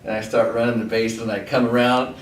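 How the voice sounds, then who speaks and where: A middle-aged man casually recounting his school baseball days in a relaxed, rambling way, full of quoted back-and-forth. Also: medium pitch, a little fast. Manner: relaxed, rambling anecdotes with fillers and quoted dialogue. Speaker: former athlete recalling school days. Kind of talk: casual storytelling. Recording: roomy, distant mic with faint background noise.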